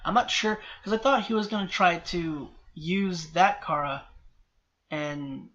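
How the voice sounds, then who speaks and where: A man's voice: high voice, a little slow, fairly bright tone. A man rambling through a TV episode reaction, restarting and correcting himself and apologizing often. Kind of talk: rambling solo reaction commentary. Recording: slightly dull lo-fi sound with faint background hiss.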